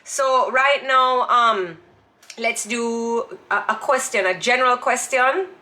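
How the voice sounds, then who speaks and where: A woman's voice: on the high side, slow pace, sharp tone. A Jamaican woman hosting a live stream, chatting playfully and running giveaways with a teasing, laughing manner. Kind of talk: casual chat with giveaways.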